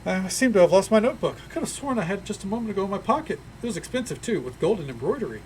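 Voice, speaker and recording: A man's voice: high-pitched, very animated, rapid-fire, a little hiss or hum, pitched above the performer's own voice. A man voicing a cheerful, chatty male halfling tourist, bubbly and over-eager in a sing-song way.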